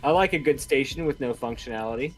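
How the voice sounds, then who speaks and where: A man's voice: mid-range voice, fast, soft background music. A man co-hosting a game stream, chatting casually and joking with his partner and the chat. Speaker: streamer co-host.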